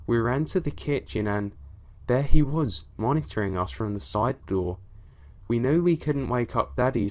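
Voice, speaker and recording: A man reading true scary stories aloud as a narrator, with dramatic delivery that rises in tense moments. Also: medium pitch.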